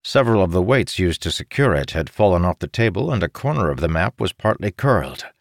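A man narrating a fantasy audiobook in a steady, measured reading. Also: low-pitched, gravelly, no echo, clean studio sound.

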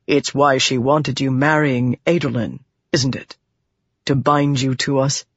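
Narrator as a stern older general, low quiet grave voice, clipped, dry muffled audiobook sound. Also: male voice, steady tone, unhurried, dry recording. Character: stern older male general, gruff and commanding. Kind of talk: audiobook character voice.

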